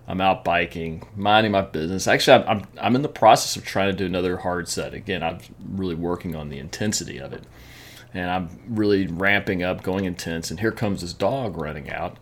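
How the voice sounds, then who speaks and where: A man telling his training mishaps in a casual vlog, chatty, often laughing and repeating words as he talks. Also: low voice. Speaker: amateur triathlete vlogger.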